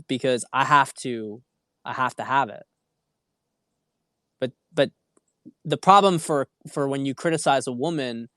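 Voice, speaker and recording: A man in the middle pitch range talks straight to his livestream audience as a dating coach. He is earnest and a little preachy, often restarting his sentences. The sound is dry and close, with no room echo. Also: fairly bright tone. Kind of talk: livestream talk.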